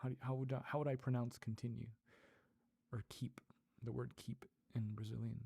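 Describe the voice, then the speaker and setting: A European man hosts a casual livestream and ASMR channel, chatting with viewers, laughing often, and answering chat while practicing Portuguese words aloud. His medium-pitched voice is level and fairly quick, warm with vocal fry and a breathy edge. There's no room sound.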